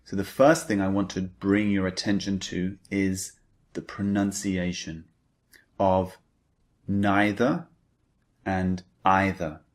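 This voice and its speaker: A man's voice: low voice, little pitch movement, slow pace. A man teaching an English grammar lesson, who repeats key points and stresses the target words. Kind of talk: slow, deliberate grammar lecture.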